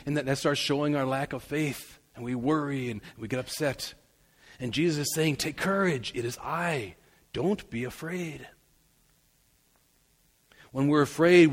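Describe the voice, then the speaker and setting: A male pastor preaching an earnest sermon that rises to emphatic declarations, in a church sanctuary. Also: a little high. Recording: long hall reverb.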